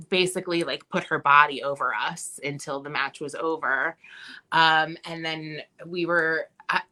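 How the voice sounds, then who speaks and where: Brief: woman interview guest, bright forceful tone, lowish voice, casual and chatty. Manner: chatty, many ums, animated when quoting.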